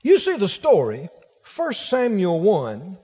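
A man's voice: high voice, slow pace, breathy edge, big-room sound, lo-fi sound. A man preaching a sermon as pastor, acting out the voices of the people in his stories. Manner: animated preaching, acts out quoted voices.

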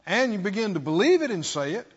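A man's voice: high-pitched, big pitch swings, fast talker, husky. A male preacher giving an emphatic sermon and throwing rhetorical questions at his congregation, in a dull lo-fi recording.

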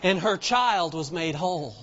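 High-voiced man preaching in a big hall. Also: animated, measured pace, a bit bright. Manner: retells scripture in plain folksy speech, rising to fervent emphasis. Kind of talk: sermon. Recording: muffled sound with long hall reverb.

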